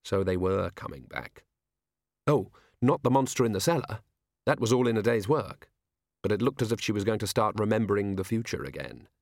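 A man reading a novel aloud as an audiobook narrator, measured and wry. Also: fairly low pitch, gravelly, a little mellow, no echo, studio quality. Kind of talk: scripted narration.

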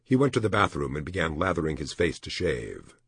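Deep husky male audiobook narrator. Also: sing-song, a little fast, a bit bright, no echo, clean studio sound.

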